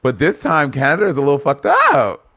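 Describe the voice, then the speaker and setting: A man's voice: fairly high pitch, huge pitch swings, a little fast, gravelly, pushed and bright, breathy edge. A man co-hosting a podcast, playful, with hype-man announcing and casual banter. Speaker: podcast co-host. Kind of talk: casual chat.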